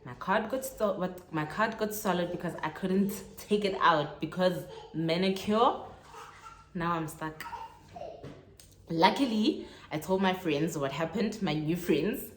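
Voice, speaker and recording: South african girl vlogging a storytime, deep voice, kinda echoey room. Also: a little slow, slight background noise. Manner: animated storytelling, acts out dialogue. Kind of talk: casual storytime vlog. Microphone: phone on tripod.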